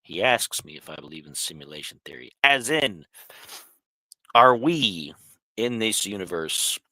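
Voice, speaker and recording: A man's voice: fairly low pitch, animated, unhurried, pushed and bright, no room sound. A man hosting a casual live question stream from home, chatting and talking to his cat. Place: home, on a couch.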